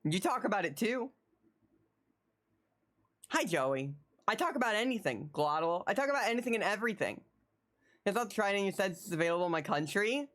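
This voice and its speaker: This US-based streamer speaks at a moderate pace and medium pitch while chatting with viewers from home. They ramble, stammer, repeat themselves, and liven up with laughter when teasing chat.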